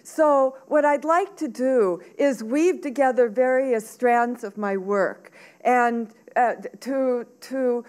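A woman's voice: a little high, slow pace, a little mellow, clear, resonant tone. An older woman from Southern Oregon, a teacher educator giving a talk and reading from her own novel, thoughtful with frequent fillers and restarts.

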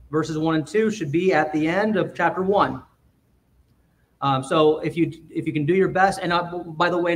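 A man's voice: on the high side, fairly bright tone, distant mic. A male pastor giving an explanatory sermon in a church, restarting phrases and putting questions to his congregation. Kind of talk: expository sermon. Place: church sanctuary.

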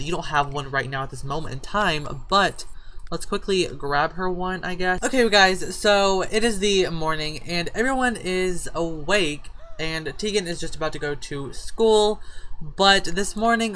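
A woman's voice: sits low, fairly bright tone, a little hiss or hum. A woman giving casual gameplay commentary, chatting and scolding her game characters like a parent. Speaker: gaming YouTuber. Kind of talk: casual life-sim let's play commentary.

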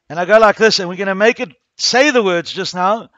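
A man's voice: high voice, brisk, fairly bright tone, no echo, muffled recording. A man teaching a primary school coding class, talking the pupils through each click step by step.

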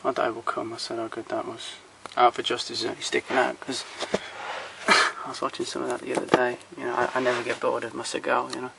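A man's voice: medium pitch, little pitch movement, a little fast, vocal fry, very noisy. A man walking through his film collection at home in a casual, rambling way, blunt and opinionated, swearing freely and trailing off between titles, recorded on a handheld camera.

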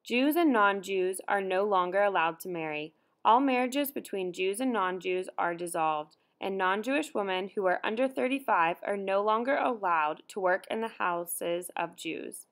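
A woman reading the lines of an anxious young cleaning woman, speaking in a halting, pleading way. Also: mid-range voice, expressive, lightly acted. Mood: resigned. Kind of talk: audiobook dialogue reading.

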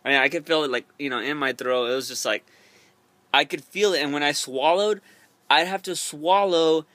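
A man's voice: fairly high pitch, normal speed, a bit bright, no echo. A young man casually telling a story to camera in a rambling, profane way, full of fillers and restarts. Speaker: vlogger.

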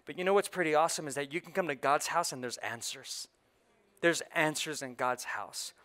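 High, bright-voiced preaching pastor. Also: male voice, fairly quick. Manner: energetic, rising to loud emphatic peaks then dropping low; conversational asides and audience call-and-response. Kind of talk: sermon.

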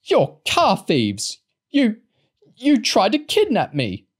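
A man voicing a furious old woman who shrieks her accusations in a high, shrill voice. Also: wildly swooping pitch, takes it slowly, slightly rough, exaggerated voice. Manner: shrieking, high-pitched and shouting.

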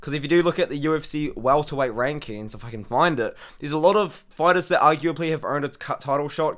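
A man with a voice worn hoarse from shouting talks through his fight picks in a loose, chatty way. His voice sits a little high for a man, and he rambles from one thought to the next. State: hoarse from screaming. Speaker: MMA analysis channel host. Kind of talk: casual fight-prediction commentary.

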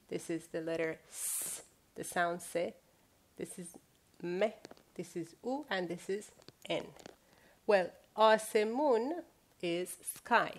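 Woman, language teacher, mid pitch, careful slow drilling of words. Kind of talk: vocabulary lesson.

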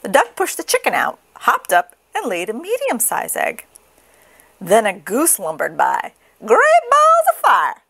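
A woman reading a children's picture book aloud in a slow, expressive sing-song. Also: medium pitch, gravelly, husky. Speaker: storybook reader.

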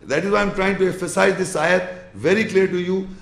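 Man giving a slow, probing religious lecture. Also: high-pitched, steady tone, gravelly, reverberant. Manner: explains slowly with gestures, checks the audience's understanding. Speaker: Islamic lecturer.

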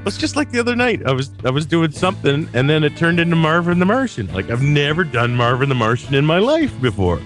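A man's voice: a little high, sing-song, quick pace, few pauses, fairly bright tone, soft background music. Chatty male podcast co-host over Skype. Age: middle-aged. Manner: hesitant, lots of uh and restarts, laughs often. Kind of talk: casual chat. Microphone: talking over Skype.

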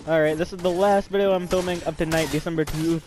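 A man's voice: on the high side, fairly even intonation, fast, darkish tone, slight background noise. A young man and student rambling through casual gameplay commentary, talking to his viewers and cursing freely. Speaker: gamer.

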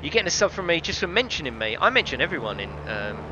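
A man's voice: fairly high pitch, big pitch swings, fast talker, lo-fi sound. A man streaming a racing game live, chatty and sweary, greeting viewers in chat and laughing often. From United Kingdom. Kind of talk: live gameplay stream commentary. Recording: game sound and noise behind voice. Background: racing game audio.

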